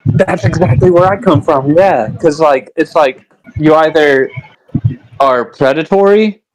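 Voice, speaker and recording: A man's voice: on the high side, unhurried, background noise. A man co-hosting a livestream, talking in casual chat with lots of "like" and "you know". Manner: conversational, frequent "you know" and "like". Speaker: livestream co-host.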